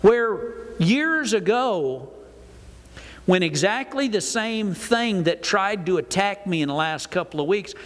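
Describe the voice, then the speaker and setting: Older male pastor, folksy sermon delivery, slightly high voice, reverberant church hall. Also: takes it slowly. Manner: folksy, animated preaching with acted-out asides. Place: church sanctuary.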